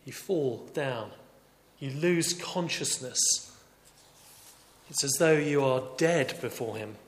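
A man preaching a sermon earnestly, moving between raised emphasis and quiet, reflective passages. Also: medium pitch, animated, slow pace. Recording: echoey hall reverb.

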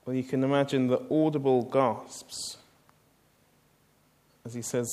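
A man's voice: medium pitch, steady tone, unhurried, long pauses, dark tone. A man preaching a sermon, telling the story in a conversational way and asking the listeners rhetorical questions.

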